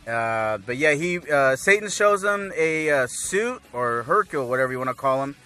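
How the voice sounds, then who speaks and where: Bright-voiced man recapping an anime episode. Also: normal speed, smooth. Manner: rambling, laughs often, acts out character lines in high excited voices. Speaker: anime reviewer.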